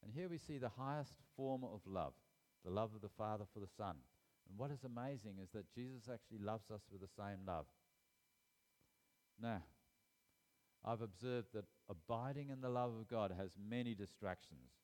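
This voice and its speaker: A man's voice: on the low side, moderate pace, a little mellow. A man preaching a sermon, reading scripture aloud and stressing key phrases with repetition and sudden rises in voice. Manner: emphatic, repeats key phrases, rises sharply for emphasis.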